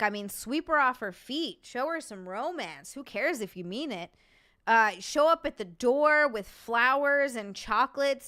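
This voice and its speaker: A woman hosting a casual live-chat stream, chatting, joking sarcastically, swearing freely and thanking viewers by name. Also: on the high side. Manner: animated, sarcastic jokes. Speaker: livestream host.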